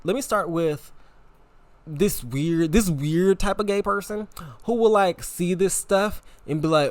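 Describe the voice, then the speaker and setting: A young man hosting a podcast, talking in a casual, animated, repetitive way with frequent laughter. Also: sits high, unhurried, no room sound. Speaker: podcast host. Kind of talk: casual opinion monologue.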